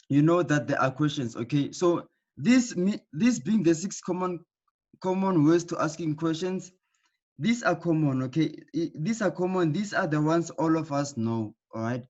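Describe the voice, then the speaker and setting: Man teaching online, patient, repeats himself, fairly high voice, dull lo-fi sound. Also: moderate pace. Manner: patient, repeats key points with frequent "okay?" checks. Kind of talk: online class lesson. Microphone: computer mic in an online class.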